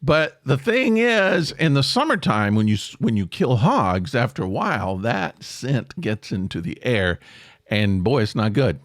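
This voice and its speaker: A middle-aged man hosting a casual solo podcast, rambling and self-deprecating, jumping up in pitch for emphasis. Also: big pitch swings, measured pace, no room sound, studio quality. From American South. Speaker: podcast host.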